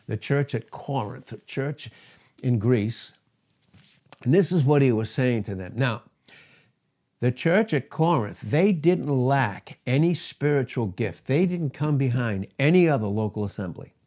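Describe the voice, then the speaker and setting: Male pastor, mid-pitched voice, animated sermon delivery with scripture readings. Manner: animated preaching, reads scripture aloud, laughs between points.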